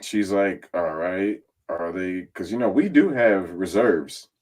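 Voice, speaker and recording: A man's voice: low voice, takes it slowly. A man casually recapping events as a podcast guest, swearing freely and acting out what others said. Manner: animated and profane, acting out others' lines in quotes. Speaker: reality competition contestant and guest.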